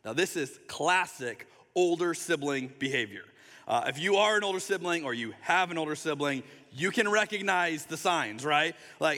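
Pastor with a bright voice in a reverberant hall. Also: male voice, a little high, animated. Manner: conversational, acts out quick voices, drops to soft tender tones. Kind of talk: sermon.

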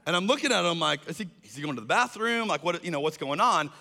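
A man's voice: fairly high pitch, fast talker, creaky. A man telling a funny personal story to an audience and acting out the people in it. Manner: animated, acts out other people's lines in raised voices. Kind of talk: storytelling talk. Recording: long hall reverb.

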